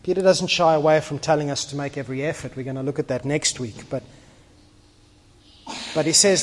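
A man preaching a sermon as pastor, animated, acting out little scenes and swinging between quiet and loud. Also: a little high, a little fast, long pauses, long reverb tail, a little hiss or hum. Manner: animated, acts out little scenes with shifting volume.

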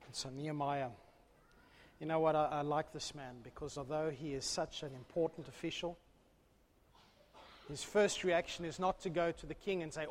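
A man preaching a sermon, swinging between loud, fervent calls and hushed, low asides. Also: animated, normal speed. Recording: long hall reverb.

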